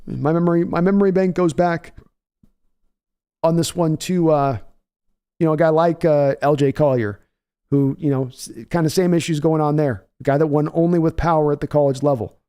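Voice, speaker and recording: Mellow-voiced man chatting casually. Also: a little high, fairly even intonation, normal speed, clean tone. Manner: thinks aloud, frequent restarts. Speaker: podcast host answering viewer questions. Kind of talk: casual chat.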